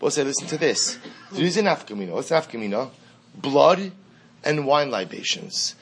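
A man's voice: mid-range voice, big pitch swings, normal speed. A man leads a Mishnah class in a middle-range voice. He reads each line aloud, translates it, then goes over the point again, repeating the key phrase. He keeps asking the class questions and answering them himself. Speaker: Talmud teacher.

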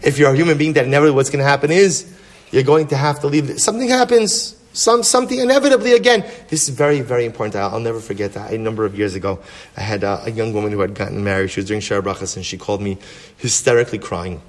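A rabbi gives a Torah class in a medium-pitched male voice. He teaches with energy, throwing out rhetorical questions to his listeners. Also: fast.

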